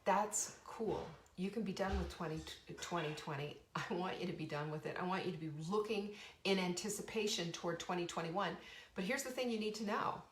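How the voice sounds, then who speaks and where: A woman's voice: on the low side, a little fast, a little hiss or hum. A middle-aged woman hosting a live show, talking in a bubbly, enthusiastic, chatty way with many restarts. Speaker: host. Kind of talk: live show, casual talk. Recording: roomy echo.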